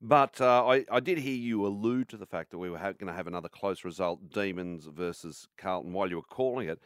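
Low-voiced Australian radio co-host. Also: male voice, fairly quick, smooth, no echo, clean studio sound. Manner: wry, teasing. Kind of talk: casual chat. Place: radio studio. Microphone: studio mic.

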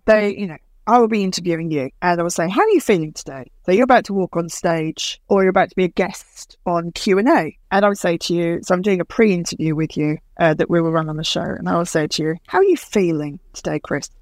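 Emphatic woman telling lively anecdotes. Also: on the low side, fast, hardly any pauses, no room sound. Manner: emphatic, storytelling, acts out quoted dialogue. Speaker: TV producer and speaker. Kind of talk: conversational interview.

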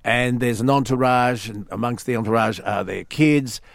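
An Australian man hosting a talk radio show, telling a story with lively acted quotes in a studio. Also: medium pitch, normal speed, creaky, dry recording. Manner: animated storyteller, acts out quotes. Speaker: radio host.

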